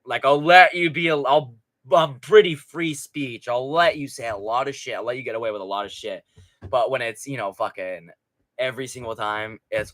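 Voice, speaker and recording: A man's voice: medium pitch, normal speed, a bit bright. A man hosting a live stream in casual, profane, rambling chat, reading out viewer comments. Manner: rambling, profane, chatty with frequent restarts.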